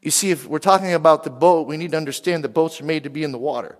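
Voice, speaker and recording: A man from western Pennsylvania preaching a sermon, lively, and he keeps asking the crowd questions. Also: fairly high pitch, very fast. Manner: animated, asks the crowd questions. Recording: long hall reverb.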